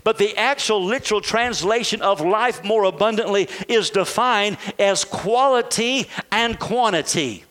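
A man's voice: high-pitched, measured pace, a bit bright. A man preaching a sermon as pastor, asking his congregation questions and calling for amens.

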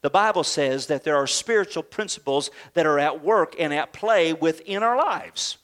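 A middle-aged man preaching a sermon as pastor, emphatic, swelling to near shouts and then dropping soft and slow. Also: fairly high pitch, expressive.

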